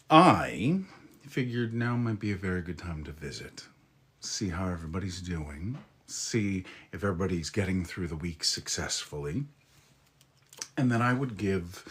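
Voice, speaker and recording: A man chatting live with his viewers in a flirty, teasing way, drawing out his words and murmuring softly, while getting over a head cold. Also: low-pitched. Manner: flirty, teasing, slow drawl with soft murmurs. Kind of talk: casual live-stream chat.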